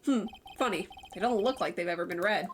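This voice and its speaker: A woman's voice: mid-range voice, brisk, a little hiss or hum, voice pushed down, natural voice. A woman voicing a young male defense lawyer with a dry, wry way of thinking aloud. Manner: dry, wry inner monologue. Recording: game music playing behind.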